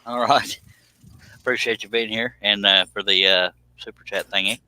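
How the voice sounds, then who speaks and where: An easygoing male host with a low, very bright, forceful voice, chatting casually on a live stream. He talks in a self-deprecating way, with plenty of hesitant fillers. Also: steady tone, normal speed, clean tone, low-quality recording. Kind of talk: casual chat.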